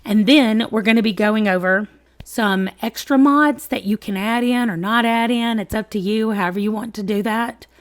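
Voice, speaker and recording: A woman's voice: a little high, normal speed. A woman who sounds sick, hosting a casual game tutorial and explaining step by step in a chatty way, with emphatic warnings.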